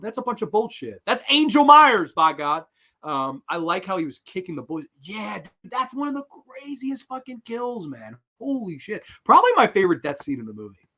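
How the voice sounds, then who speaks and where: A man hosting a horror film livestream, ranting casually and loudly with lots of swearing while answering chat. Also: high-pitched. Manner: loud, animated, profane ranting.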